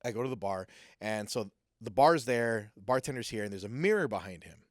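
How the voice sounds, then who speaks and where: A man with a fairly low voice tells a personal story in a loose, casual way. He gets animated and acts out what people said. The recording is close and dry, with no room sound. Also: fairly quick, no room sound. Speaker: guest sharing a personal testimony.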